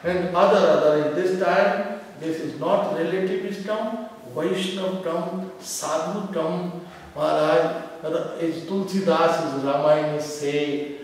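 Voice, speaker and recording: Man preaching in a booming echoey hall. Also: distant mic, slight background noise. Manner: halting non-native English, swells into loud chanting. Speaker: guru giving a lecture. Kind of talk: devotional sermon.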